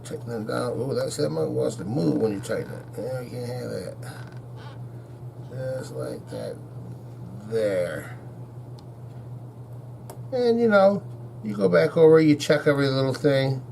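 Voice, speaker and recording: A man's voice: medium pitch, sing-song, a little slow, creaky, pauses often, noisy background. Easygoing folksy man in a workshop. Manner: folksy, easygoing, talks to himself and viewers as he works. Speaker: guitar repair shop owner. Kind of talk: casual workshop narration while working. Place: guitar repair workshop.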